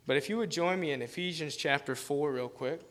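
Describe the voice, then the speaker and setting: A man's voice: a little high, fairly quick, fairly bright tone. A man preaching as a guest pastor, telling a rambling, self-deprecating story in a casual manner and laughing often. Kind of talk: informal sermon with storytelling.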